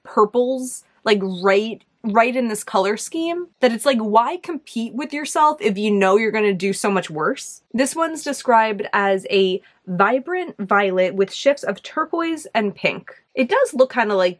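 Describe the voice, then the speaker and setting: A woman's voice: on the high side, sing-song, unhurried. A young woman with a New York accent chatting casually as she reviews makeup, thinking aloud, hesitant and full of "like"s. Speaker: beauty video host.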